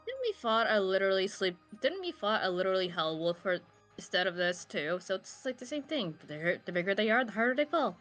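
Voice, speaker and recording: A woman player in a tabletop game who reacts in an excitable, playful way. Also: mid-range voice, brisk, faint music behind. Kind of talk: tabletop role-play.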